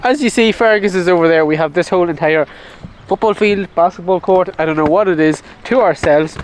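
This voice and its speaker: Man vlogger, teasing and upbeat, fairly high voice, outdoors, faint background noise. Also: a little fast, rough recording. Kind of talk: casual chat. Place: outdoors at a park-up by a camper van.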